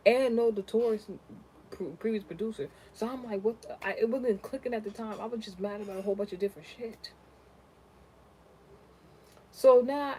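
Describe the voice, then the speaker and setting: A woman's voice: a little hiss or hum, poor audio. Profane, ranting young woman telling a story. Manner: profane, animated and ranting, swings from low mutters to loud outbursts. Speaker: content creator. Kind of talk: casual storytime vlog.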